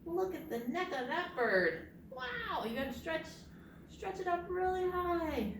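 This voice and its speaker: At a library's preschool storytime, a young adult librarian speaks in an extremely high, animated, unhurried sing-song, calling on the children to take part. She guides them through bird noises and motions. Expect a distant mic in an echoey space, plus faint ambience and a bit of background noise.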